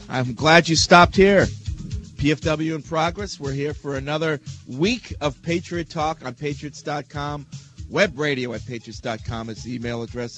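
A slightly high-voiced man hosts a web radio show and keeps things upbeat and promotional. Faint music plays under his voice. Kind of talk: casual talk show.

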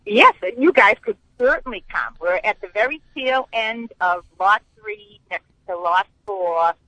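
A woman's voice: mid-range voice, expressive, measured pace, bright, forceful tone, no room sound, rough recording. A woman calling in to a radio talk show, chatting in an upbeat way about a fan tailgate she organizes. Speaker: caller, fan club organizer. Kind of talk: casual phone-in chat.

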